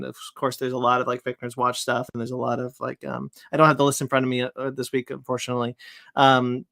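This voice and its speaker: A man's voice: mid-range voice, creaky, fairly bright tone. A man in a casual podcast chat, hosting and rambling through his sign-off with many fillers. His voice sits mid-range and sounds close and dry, with no room echo. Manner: rambling, lots of fillers while reading out plugs. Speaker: podcast host.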